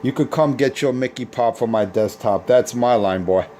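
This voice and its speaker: A man's voice: medium pitch, normal speed, warm tone, slight background noise. A man on a CB radio taunting rival operators in a boastful, repetitive way. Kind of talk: trash-talking radio banter.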